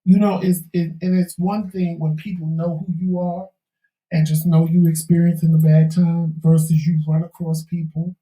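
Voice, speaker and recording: This man's voice is a little high, level and dark-toned, moving at a moderate pace as he loses it. Co-hosting a talk show, he shares a candid life story, preachy and emphatic, in folksy Southern-tinged slang. The low-quality recording is echoey and far from the mic.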